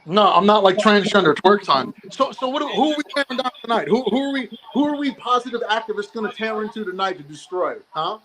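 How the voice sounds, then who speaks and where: Fast-talking sarcastic man on a noisy line. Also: sits high, expressive, crowd noise. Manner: sarcastic, defensive, challenging. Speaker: guest on call-in. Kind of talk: heated live debate. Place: at home.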